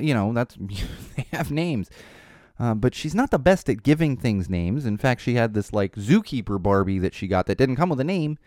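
A man's voice: brisk, no room sound. Thirty-something guy chatting on his podcast, rambly and laughing, voice jumps around a lot, dead dry sound. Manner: rambling, self-interrupting, laughing; animated, mimics his daughter in a high voice. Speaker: podcast host. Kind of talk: casual chat.

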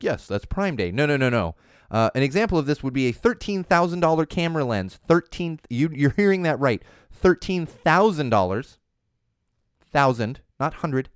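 A man in his thirties hosting a casual news chat podcast, animated and rambling, full of asides. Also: on the high side, smooth, no room sound, studio quality. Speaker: podcast host.

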